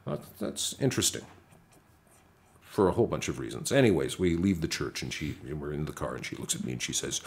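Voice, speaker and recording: A man's voice: rumbling low, expressive, normal speed, pauses often, slight background noise. A man casually telling a travel story in an interview, acting out the dialogue as he goes. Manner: acts out quoted dialogue, many restarts.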